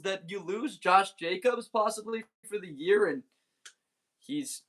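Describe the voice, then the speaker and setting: A young man hosts a casual sports livestream, chatting with viewers by name and laughing easily. His voice sits a little high and swings up and down with lots of life. He sounds laid-back and friendly, like he is talking to the camera from his desk. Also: big pitch swings, unhurried, a bit bright. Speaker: livestream host. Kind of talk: casual livestream chat, reading viewer comments.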